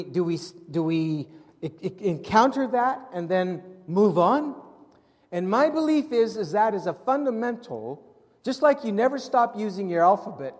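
High-voiced preacher in a reverberant hall. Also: male voice. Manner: animated, acts out Bible scenes with shifting voices. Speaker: pastor. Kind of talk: sermon.

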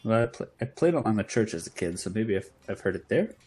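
Low husky dude at a tabletop game, lively, kinda hesitant. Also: male voice, quick pace. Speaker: player.

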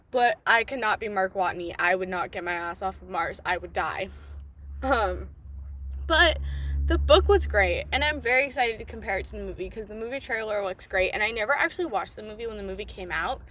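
A young woman hosting her own podcast, talking through a book in an excitable, chatty way, full of "like" and casual swearing. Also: mid-range voice. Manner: excitable, swears freely, lots of "like". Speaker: podcast host. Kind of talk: casual solo book review.

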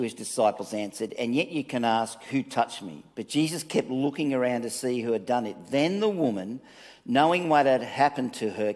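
A man giving a conversational sermon, reading scripture and telling stories with lively asides. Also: medium pitch. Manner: conversational, animated storytelling with asides. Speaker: preacher. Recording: long reverb of a hall.

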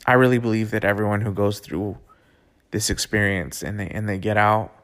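This man's voice is lowish and fairly bright, with fairly even intonation. He casually tells a personal story, peppered with profanity, "like" fillers, and restarts, over clear music.

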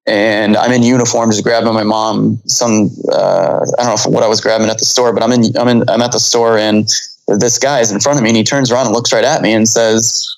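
Man in his thirties, rapid chatty delivery, gravelly edge, rambling storyteller with fillers and restarts. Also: on the low side, little pitch movement, rough recording. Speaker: pilot guest. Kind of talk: casual storytelling interview.

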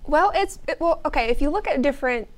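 A woman's voice: high-pitched, expressive, fast talker. Casual young woman co-host. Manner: casual, uses 'like' a lot. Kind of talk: casual live-stream chat. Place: studio.

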